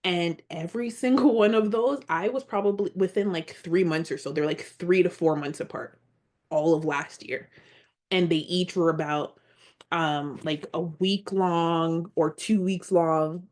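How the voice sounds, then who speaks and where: Slow, soft-spoken woman sharing her story. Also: fairly low pitch. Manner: heartfelt, earnest, slow and reflective. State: near tears at times. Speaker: podcast guest. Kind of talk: personal storytelling in an interview.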